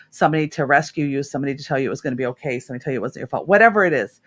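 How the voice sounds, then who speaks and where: A middle-aged woman hosting a radio talk show, a therapist telling stories about her clients in a casual, earnest way. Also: sits low. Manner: earnest, warm storytelling with laughs.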